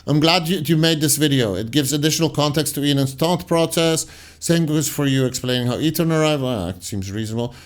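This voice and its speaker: A man reading viewer comments off the screen and arguing with them in a casual, rambling way. His voice sits a little higher than most men's. Sarcastic asides often sink into low mutters. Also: brisk. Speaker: commentary channel host.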